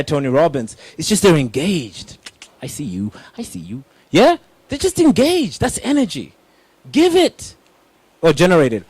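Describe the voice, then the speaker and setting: A young man speaking as a motivational coach, his voice sitting fairly high for a man. He talks with lots of energy and punchy emphasis, throwing questions straight at the crowd. The sound is dry and close, with little room around it. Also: no room sound. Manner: energetic, emphatic, addresses audience directly. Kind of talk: motivational talk.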